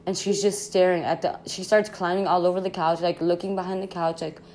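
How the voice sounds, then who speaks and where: A young woman tells a story in a rambling, slangy, excitable way, full of fillers. Her voice sits fairly low for a woman. A faint hiss of noise runs under her speech. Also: brisk. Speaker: podcast host. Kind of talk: casual storytime chat.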